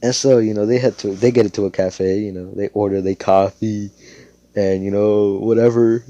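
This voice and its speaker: A young man with a very low voice, improvising a fan story aloud. He rambles loosely, packs in fillers and swears freely. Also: steady tone, moderate pace, warm tone, no room sound, lo-fi sound. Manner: rambling, profane, full of fillers.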